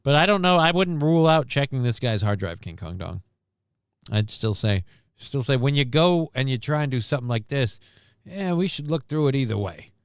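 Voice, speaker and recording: A man hosting a live stream who wanders off into sarcastic, rambling asides about the news. His voice is smooth and clean, and he sits close to the mic in a completely dead, dry space with no room sound. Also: medium pitch, animated, moderate pace, no echo. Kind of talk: casual news commentary.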